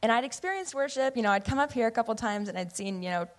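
A young woman in her late teens from the US Pacific Northwest, giving an earnest, animated personal testimony into a church microphone. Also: a little high, quick pace. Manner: earnest, animated, acts out her past self in quotes. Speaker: youth member giving testimony. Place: church sanctuary. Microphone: microphone at a pulpit or stage.

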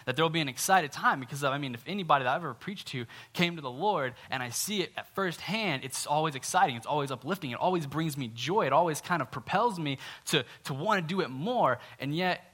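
A man's voice: a little high, sharp tone. A young man preaching a sermon in a conversational, earnest way, sometimes acting out quoted complaints.

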